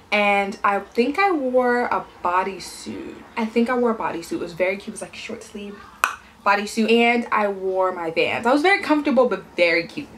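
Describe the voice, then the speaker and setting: A woman's voice: medium pitch, a little hiss or hum. A young woman vlogger chatting casually and telling stories while she eats, acting out the voices of people she quotes.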